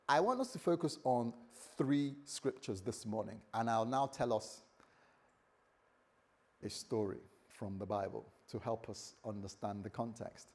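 Male pastor with a slightly high, husky voice; emphatic preaching that swings from loud to hushed. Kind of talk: sermon.

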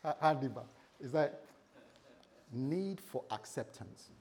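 A man preaching a sermon to a congregation, animated and telling stories with acted-out dialogue. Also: mid-range voice, slow. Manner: animated, acts out characters in dialogue.

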